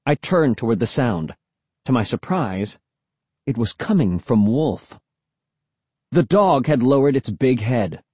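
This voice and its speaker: A man reading a first-person story aloud in a lively, expressive way. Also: medium pitch, unhurried, pauses often, husky, dry recording. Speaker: audiobook narrator.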